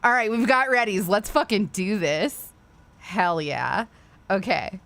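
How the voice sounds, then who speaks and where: A woman's voice: mid-range voice, slow, a bit bright. A woman hosting a casual livestream and chatting to viewers, ranting with frequent swearing and apologetic asides. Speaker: livestream host.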